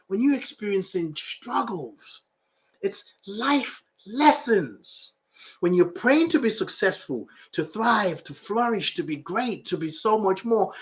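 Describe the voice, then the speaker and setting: A middle-aged man with a high-pitched voice talks like a preacher, leaning on repeated phrases for emphasis. He sounds emotional and earnest as he hosts his spiritual podcast. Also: fairly bright tone. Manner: laughs often, emotional and full of feeling. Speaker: podcast host and life coach. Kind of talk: live-streamed spiritual talk reading viewer comments.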